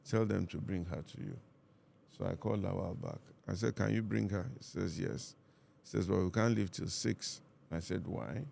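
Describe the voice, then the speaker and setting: A Nigerian pastor, a man, calmly telling a personal story in conversation and acting out what each person said. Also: sits low, vocal fry, a little hiss or hum. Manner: calm, measured, reenacts dialogue.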